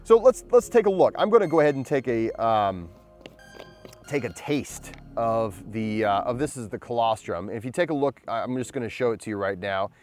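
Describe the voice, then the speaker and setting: A man's voice: mid-range voice, animated, normal speed, darkish tone, soft background music. A man hosting his own channel, talking casually to camera about a supplement, often restarting his sentences. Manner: rambling, restarts often, talks with powder under his tongue. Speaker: channel host.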